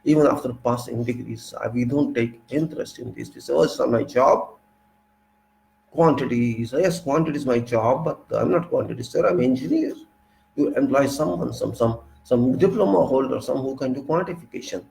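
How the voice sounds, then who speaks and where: A man's voice: medium pitch, moderate pace, vocal fry, a little mellow, a little hiss or hum, poor audio. An older man gives a recorded civil engineering lecture. He speaks emphatically, repeats his points and talks straight to the listener. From India. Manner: emphatic and repetitive, addressing the listener directly.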